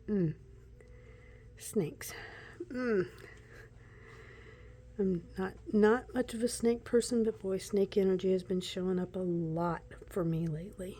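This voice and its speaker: A woman chatting through a casual deck walkthrough, excitable and talkative, often dropping into soft whispers. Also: mid-range voice, slow, pauses often. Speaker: tarot deck reviewer.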